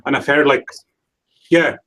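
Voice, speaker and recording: A man hosting a relaxed livestream chat. He rambles and restarts his sentences often, thinking out loud as he goes. His voice sits at an ordinary middle pitch. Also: unhurried. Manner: rambling, hesitant, many restarts. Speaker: livestream host. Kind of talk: casual chat. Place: home livestream setup.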